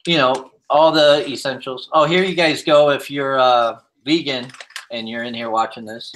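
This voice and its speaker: A man hosting a casual livestream, rambling in a relaxed way with lots of fillers as he shows off his kitchen. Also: medium pitch, normal speed. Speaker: livestream host. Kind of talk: casual chat, showing his kitchen pantry on stream.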